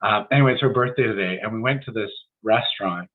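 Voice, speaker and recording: A man's voice: on the low side, fast talker. Man preaching over a tinny line. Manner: conversational, anecdotal, encouraging. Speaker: spiritual centre speaker. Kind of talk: casual mid-week sermon.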